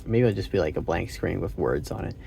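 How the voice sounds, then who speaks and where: Male vlogger, low gravelly voice, hesitant and self-correcting as he thinks aloud. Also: a little fast, warm tone, a little hiss or hum. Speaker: channel host. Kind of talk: casual language-practice vlog.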